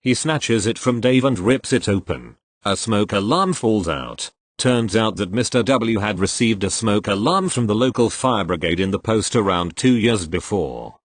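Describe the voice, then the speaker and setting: A man's voice: fairly low pitch, animated, moderate pace, hardly any pauses, dry recording. A man reading tech-support stories aloud with a dry storytelling delivery, giving quoted lines small voice shifts. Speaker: narrator reading posts aloud.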